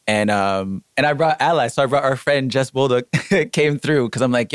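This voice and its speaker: A young man tells a story in a lively, animated way, jumping up in pitch when he quotes people. He sounds close and dry, with no room echo, and speaks at a middle pitch. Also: normal speed, hardly any pauses. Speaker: artist telling a story. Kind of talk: casual storytelling chat.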